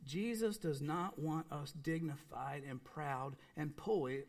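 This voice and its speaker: A man preaching a sermon, earnest and emphatic, repeating phrases and dropping suddenly to a soft, quiet voice. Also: fairly high pitch, measured pace, creaky, few pauses. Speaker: pastor.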